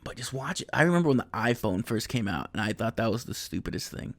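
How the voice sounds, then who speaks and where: A man in his thirties rambles through a profane, comedic solo podcast. He laughs at his own jokes, and his pitch swings up and down. The sound is dry and close. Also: lively intonation, fast, no room sound. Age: 30s. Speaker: podcast host. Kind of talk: casual comedic monologue.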